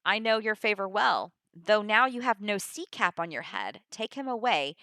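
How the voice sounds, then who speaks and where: A woman's voice: medium pitch, lively intonation, moderate pace, bright, forceful tone, no echo, clean studio sound. A woman reading the lines of a stern male officer making an arrest, in a plain voice with little acting.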